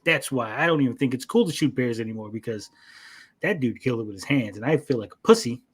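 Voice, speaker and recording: A man co-hosting an anime review chat, retelling scenes in a lively, profane way with mock voices. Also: mid-range voice, fast talker, breathy edge. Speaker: podcast co-host.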